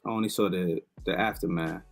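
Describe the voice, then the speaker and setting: A man's voice: deep voice, steady tone, a little fast, gravelly, soft background music. A man co-hosting a sports podcast, easygoing, chiming in and agreeing. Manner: easygoing, agreeing, laughs along. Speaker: podcast co-host. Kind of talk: casual sports chat.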